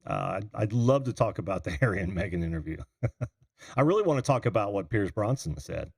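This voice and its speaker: A man's voice: fairly low pitch, expressive, a little fast, creaky, a little mellow, slightly rough, no echo, clean studio sound. A middle-aged man hosting a call-in livestream, rambling casually and answering viewers' chat comments. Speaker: call-in show host. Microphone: computer mic on a video call.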